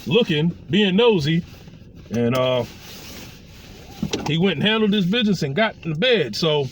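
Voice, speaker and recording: A man with a high voice tells a personal story in in a loose, casual way. He swings his pitch widely and slips into the voices of the people he quotes. There is a faint noise behind him. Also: expressive, normal speed.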